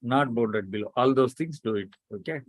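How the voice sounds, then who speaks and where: A man teaching an online math lecture, prodding students to answer quickly. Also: mid-range voice, dry recording. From India.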